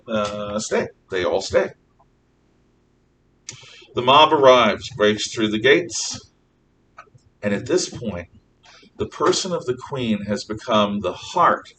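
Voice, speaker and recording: Male history teacher, lively storyteller, bright edge, picked up from across the room. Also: medium pitch. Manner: animated storytelling, frequent throat clearing. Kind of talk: classroom lecture. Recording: distant mic with faint noise.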